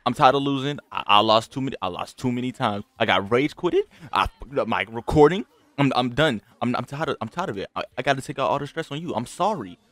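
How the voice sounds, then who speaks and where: A man's voice: medium pitch, lively intonation, fast, fairly bright tone, dry recording. A young man giving casual gameplay commentary, trash-talking his opponent and swinging from grumbling to hype. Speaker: gaming channel host. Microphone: desk mic with game audio.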